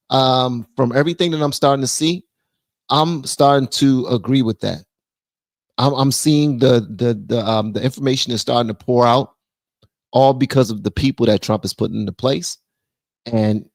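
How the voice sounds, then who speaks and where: A man hosting a casual political live stream, blunt and animated, reading viewer messages aloud. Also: mid-range voice, vocal fry, no room sound. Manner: blunt, animated, reads super chats aloud.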